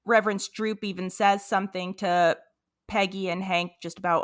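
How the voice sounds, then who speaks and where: A woman's voice: medium pitch, steady tone, normal speed. A woman co-hosting a podcast in casual chat, giving short agreeing replies and talking with some hesitation. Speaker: podcast co-host.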